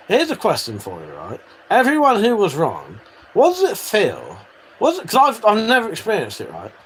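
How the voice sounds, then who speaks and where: A man's voice: a little high, slight background noise. A British man chatting casually with viewers on a live stream, swearing freely and bantering. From United Kingdom.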